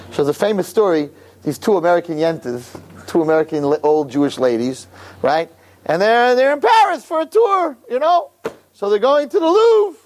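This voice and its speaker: A man giving an animated storytelling sermon as a religious teacher, who keeps checking in with the audience. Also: a little high, slight background noise. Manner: animated, keeps asking "right?".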